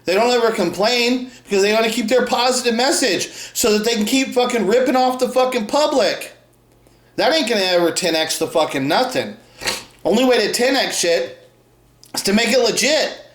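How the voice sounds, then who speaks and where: This podcast co-host has a very high voice with lively intonation, at normal speed. His heated, contemptuous rant is packed with constant swearing, recorded in an echoey room.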